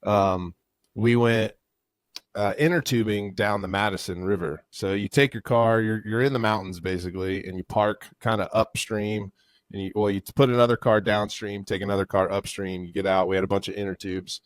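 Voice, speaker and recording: Low-voiced man, relaxed rambling chat. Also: moderate pace, no room sound, studio quality. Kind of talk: casual chat.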